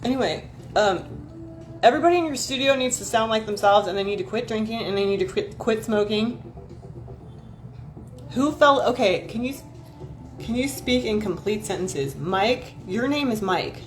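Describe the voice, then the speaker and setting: A woman's voice: on the high side, animated, moderate pace, faint music behind. Rambling, profane woman streamer. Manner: reacts to chat messages. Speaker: livestream host. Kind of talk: casual live chat with viewers.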